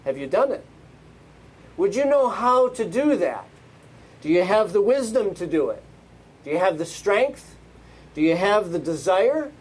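A male pastor delivers a sermon in a notably high voice. He speaks slowly and deliberately, pressing his listeners with emphatic rhetorical questions. Each phrase is given time to land. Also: big pitch swings, husky, rough recording.

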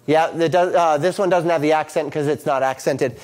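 Halting man teaching Bible Greek. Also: fairly high pitch, steady tone, darkish tone. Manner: halting, with many ums and restarts; explains Greek grammar, reading out translations. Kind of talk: screen-share Bible lesson.

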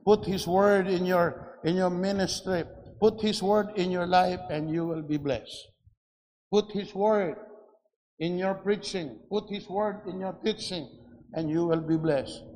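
Slow preaching man in an echoey church. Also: sits high, a little mellow. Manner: slow and deliberate, with many restarts and fillers. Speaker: pastor. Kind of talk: sermon. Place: church sanctuary.

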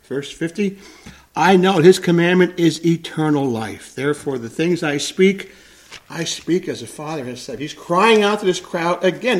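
Higher-voiced man preaching a sermon. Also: expressive. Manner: swells loud and slows when reading scripture, drops low and quiet on asides. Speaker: pastor.

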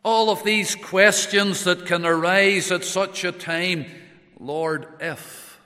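Man, preacher, high voice, slow measured sermon, long church reverb. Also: steady tone, pushed and bright. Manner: slow, measured preaching with Bible quotations in old English.

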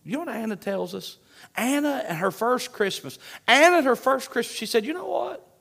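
A man with a high voice preaches a sermon, driving home each point through repetition. His delivery is emphatic and steady, with scripture read aloud between points. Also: brisk, creaky. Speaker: pastor.

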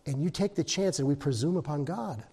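An older man preaches in a loose, conversational way, tossing questions to the room and humming bits of songs. His voice sits high for a man. The sound carries a long echo from a large hall. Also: lively intonation, brisk, mellow, slightly rough. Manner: conversational, asks the congregation questions, hums and sings snippets. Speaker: pastor. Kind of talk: informal sermon.

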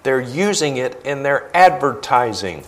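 A man's voice: mid-range voice, very animated, measured pace, fairly bright tone. A man preaching as a guest speaker, indignant and emphatic, repeating phrases for force. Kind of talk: sermon with video commentary.

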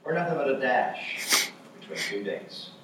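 A man's voice: mid-range voice, animated, unhurried, very echoey, far from the mic, very noisy. A man preaching a sermon with emphasis, repeating his key phrases.

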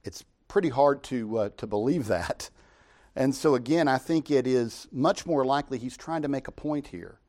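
A man's voice: medium pitch, normal speed, a little mellow. A middle-aged man preaching an expository sermon from the pulpit, conversational and full of rhetorical questions. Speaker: pastor.

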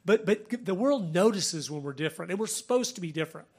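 A man hosting a Christian talk show, speaking earnestly, laughing often and quoting people in lively voices. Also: high voice, fast, breathy edge. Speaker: Christian podcast host. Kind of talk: religious commentary, conversational.

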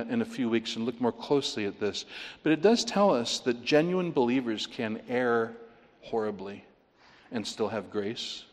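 A man preaching a sermon as a pastor, teaching with wry sarcastic asides and lively emphasis. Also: mid-range voice. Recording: long hall reverb.

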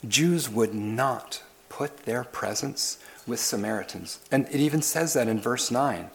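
A man's voice: medium pitch, measured pace, vocal fry, few pauses. A man preaching a sermon as pastor, pressing his listeners with questions and repeated lists. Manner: questioning, building emphasis through repetition.

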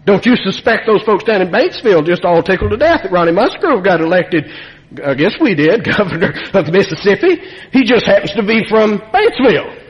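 Male pastor, sermon, folksy asides, high voice, very lively pitch. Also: brisk, highs cut off. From Nevada. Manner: folksy, animated preaching with asides to the congregation. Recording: long reverb of a church hall.

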